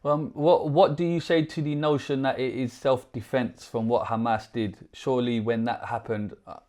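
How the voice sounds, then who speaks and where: A man's voice: medium pitch, steady tone, normal speed, darkish tone. A man hosting a show, asking an interview guest probing, slightly hesitant questions. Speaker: show host.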